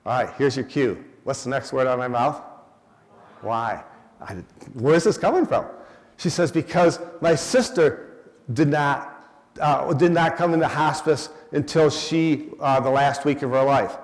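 A man's voice: medium pitch, unhurried. A man, a hospice educator telling stories to an audience and quizzing them as he goes. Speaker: guest speaker, hospice educator. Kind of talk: storytelling talk to an audience. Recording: long hall reverb.

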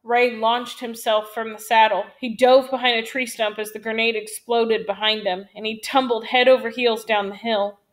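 A woman narrating an audiobook in a measured, dramatic storytelling manner. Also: fairly high pitch, steady tone.

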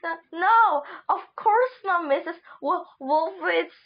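A woman's voice: very high voice, expressive, takes it slowly, pitched above the performer's own voice, heavily acted. A woman reading a panicky schoolboy's lines, stammering and frantic. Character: panicky schoolboy narrator, Zack. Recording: dull lo-fi recording.

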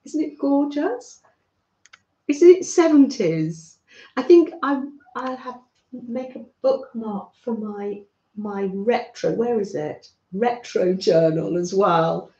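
Slow, chatty British woman streaming crafts. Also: medium pitch, animated. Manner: warm, chatty, talks to viewers by name, frequent soft laughs. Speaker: craft livestream host. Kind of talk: chatty live craft stream, greeting viewers. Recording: roomy, slightly dull sound.

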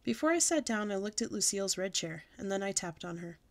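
A woman reading a children's book aloud, with a lively, expressive storytelling manner. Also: mid-range voice, fairly quick.

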